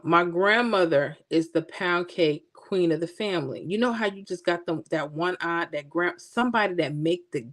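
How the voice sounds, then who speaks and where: This is a woman from Florida chatting live with her viewers, easygoing and personal as she tells stories and calls people out by name. Her voice sits slightly low for a woman. She sounds middle-aged. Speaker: livestream host. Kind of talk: casual livestream chat.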